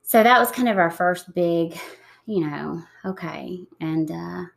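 Woman, 30s, low gravelly tone, soft reflective guest, unhurried with pauses. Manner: soft-spoken, reflective, with many pauses and fillers. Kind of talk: emotional interview conversation.

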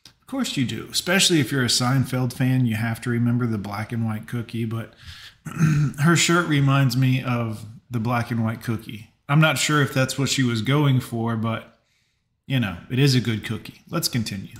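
A man's voice: medium pitch, moderate pace. A man hosting a casual live reaction stream, chatting with viewers and giving blunt advice. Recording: roomy echo.

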